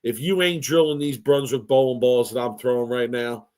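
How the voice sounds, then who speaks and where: A man's voice: mid-range voice, steady tone, moderate pace, darkish tone. A man co-hosting a bowling podcast in casual chat, with boastful, playful trash talk. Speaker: podcast co-host.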